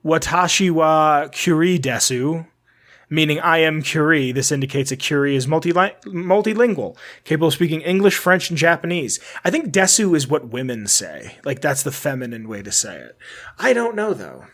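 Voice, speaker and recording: A man's voice: a little high, animated, normal speed, a bit bright. A young man co-hosting a casual podcast, reading out game trivia in a rambling way and laughing at his own slips. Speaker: podcast co-host. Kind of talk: casual chat.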